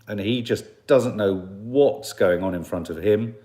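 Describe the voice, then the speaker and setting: A man with a lowish, dark-toned voice hosts a casual live stream at a moderate pace. He rambles chattily, reads out viewer comments, and keeps restarting and drifting into asides.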